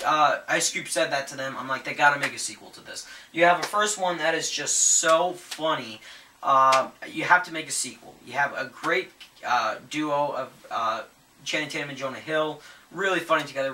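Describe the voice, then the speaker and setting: A man's voice: fairly high pitch, bright, forceful tone, distant mic. A man vlogging casual movie news commentary, rambling with many fillers and restarts, enthusiastic. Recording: echoey room, voice set back from the mic, faint ambient noise.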